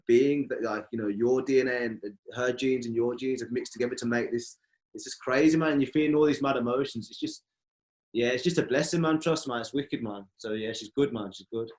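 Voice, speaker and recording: Young guy, mid voice, chatty and animated, slang everywhere, talking about life like it's mad. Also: mid-range voice. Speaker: member of a music collective. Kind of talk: casual conversation.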